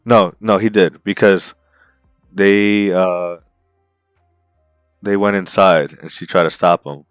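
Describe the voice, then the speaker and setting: A man co-hosting a podcast, recapping a story in an excited, slangy way and calling his co-host bro and dude. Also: deep voice, slow pace, clean tone, no room sound, faint music behind. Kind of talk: casual chat.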